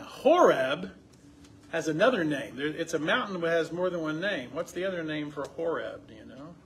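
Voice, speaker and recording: A man leading a Bible study, asking the group questions and reading passages aloud with rising emphasis. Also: fairly high pitch. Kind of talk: conversational Bible teaching.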